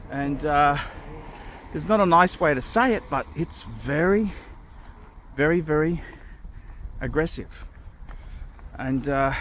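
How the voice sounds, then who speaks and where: A man's voice: high-pitched, a bit bright. A man vlogging outdoors, talking in a blunt, repetitive, cynical way, with faint traffic noise around him. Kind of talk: casual vlog monologue. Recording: faint street and car noise.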